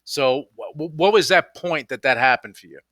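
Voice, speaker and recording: A man's voice: on the high side, animated, moderate pace, fairly bright tone, no echo. A man hosting a radio interview, asking long, rambling, enthusiastic questions. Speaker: radio show host.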